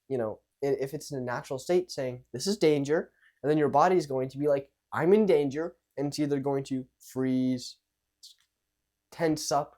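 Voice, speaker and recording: A young man talks through social confidence tips in a loose, conversational way. He is animated, acting out nervous and calm versions of the same lines, and swears now and then. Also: mid-range voice. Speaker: social skills coach. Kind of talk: casual coaching talk to camera.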